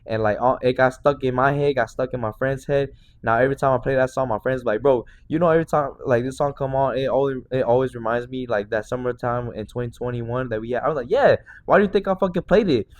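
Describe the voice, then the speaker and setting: Excited young man telling a story. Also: mid-range voice. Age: 20s. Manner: excited, slangy storytelling with lots of fillers. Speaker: podcast host. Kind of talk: casual chat.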